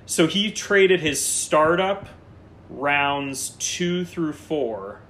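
A man hosting a casual fantasy football chat, reading through a roster in quick lists and joking with his co-host. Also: on the high side. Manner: lively, lists players in quick runs, jokey.

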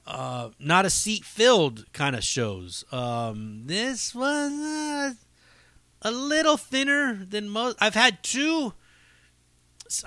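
A man's voice: sits high, creaky, sharp tone, no room sound. A man hosting a podcast, telling stories in a profane, rambling, casual monologue with frequent laughs. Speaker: podcast host and comedy show runner.

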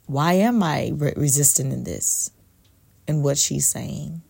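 A woman coaching on faith and abundance in a soft, meditative way, often dropping to a whisper for emphasis. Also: low voice, slow, gravelly, slightly rough, dry recording. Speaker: spiritual life coach. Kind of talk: slow reflective faith talk to camera.

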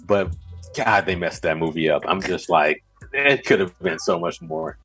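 Low-voiced man chatting casually. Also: lively intonation, a bit bright, soft background music. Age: adult, veteran back in school. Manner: halting, repeats words when starting a thought. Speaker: podcast co-host. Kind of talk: casual podcast chat.

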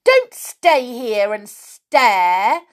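A woman voicing a proud, rude little girl who speaks loudly and haughtily. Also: on the high side, huge pitch swings, slow, pitched above the performer's own voice, heavily acted. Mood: rude, angry. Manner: loud and haughty.

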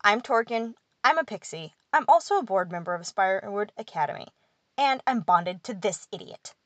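A woman's voice: medium pitch, animated, normal speed, no echo, lightly acted. A woman voicing a small, hot-tempered male pixie who scolds and curses. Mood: exasperated. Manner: angry, scolding, cursing.

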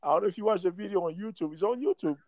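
A man's voice: sits high, expressive, very fast, darkish tone, no echo. A man in casual chat who talks in a rambling, profane way and laughs often.

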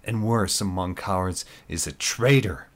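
A proud, unbalanced male commander addressing his troops in forceful, declamatory speeches, as a male narrator plays him. The voice sits very low and deep, and every line pushes. It sounds like an audiobook reading. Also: a little slow. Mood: scornful.

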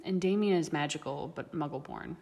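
A woman's voice: low voice, gravelly, dark tone, breathy edge, full character voice. A woman voicing a blunt werewolf pack leader. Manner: blunt, measured. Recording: long reverb.

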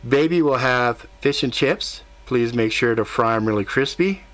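A man's voice: medium pitch, normal speed, a bit bright, lightly acted. A friendly, easygoing young woman, as a male narrator puts her on. He raises his voice slightly for her and keeps it light. This is a storybook character voice.

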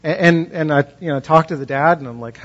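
A man with a slightly high, husky voice delivers a conversational sermon, slipping into quoted voices and rising in pitch as his point builds. The recording is dull and lo-fi. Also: fairly quick, fairly bright tone. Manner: conversational, acts out quoted voices, rises in pitch when impassioned. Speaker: pastor.

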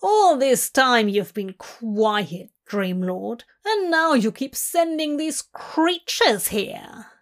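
A woman voicing a menacing, cruel occultist man who snarls his lines loudly and slowly. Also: on the high side, big pitch swings, full character voice. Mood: snarling. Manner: snarling, loud and drawn-out.

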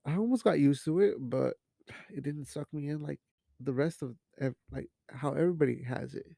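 A young man hosts a casual podcast, his voice a little high, creaky and dark, at a normal speed. He rambles loosely, swears a lot and drops in Spanish phrases, all captured in a dry, clean studio recording.

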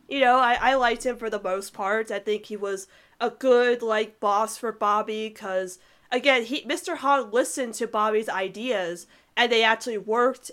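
A woman's voice: fairly high pitch, fairly bright tone. A woman co-hosting a podcast in casual chat, chatty and giggly, trailing off with filler words. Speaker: podcast co-host reviewing cartoon episodes.

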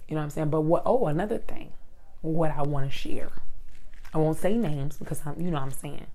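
Woman vlogging, low voice, mellow tone, animated storytelling, asides to viewers, handheld mic. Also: fairly quick. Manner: animated storytelling, acts out other people. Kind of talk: casual vlog rant.

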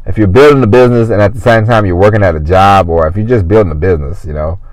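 A man's voice: low-pitched, fast talker, a little mellow, no echo, low-quality recording. A man hosting his own podcast, talking casually and rambling with frequent restarts from his car in a parking lot. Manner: chatty, rambling, self-interrupting, folksy. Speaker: podcast host. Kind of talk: casual solo podcast monologue.

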